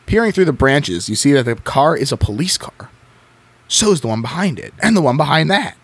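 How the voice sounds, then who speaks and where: A man hosting a podcast, reading a choose-your-own-adventure book aloud in an expressive way and breaking off to chat. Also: fairly high pitch, fairly quick, breathy edge, dry recording. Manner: expressive reading with frequent laughs. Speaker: podcast host.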